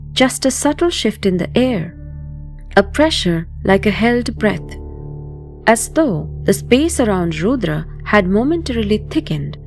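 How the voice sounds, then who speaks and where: A woman narrating a supernatural audio thriller in a measured, descriptive way. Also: medium pitch. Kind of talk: scripted audio drama narration.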